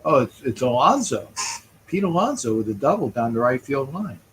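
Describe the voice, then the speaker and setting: A man's voice: medium pitch, sing-song, normal speed, slight background noise, low-quality recording. A man hosting a casual live stream, chatting loosely with viewers and calling a baseball game as he watches. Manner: rambling, chatty, greets viewers by name. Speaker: livestream host. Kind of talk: casual live chat with play-by-play.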